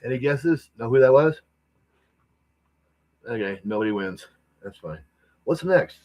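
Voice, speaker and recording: A male host making quiet, offhand asides while playing old answering machine tapes. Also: medium pitch, animated, measured pace. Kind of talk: casual commentary over tapes.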